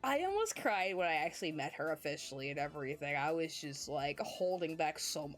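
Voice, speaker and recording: A woman streamer in casual chat with her viewers, bubbly and giggly as she talks. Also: low-pitched.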